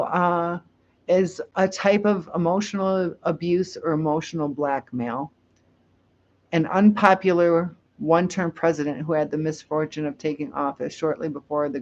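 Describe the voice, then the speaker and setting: A woman's voice: deep voice, darkish tone, a little hiss or hum. A woman from the United States hosting a casual live chat, rambling and laughing as she reads viewer comments. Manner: chatty, rambling, laughs easily. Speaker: livestream host. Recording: dull lo-fi stream audio.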